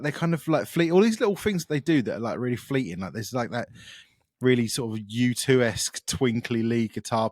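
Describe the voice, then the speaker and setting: A man's voice: medium pitch, no room sound, clean studio sound. A man co-hosting a music podcast, chatting casually and enthusiastically about upcoming records, rambling with lots of fillers. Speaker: podcast co-host.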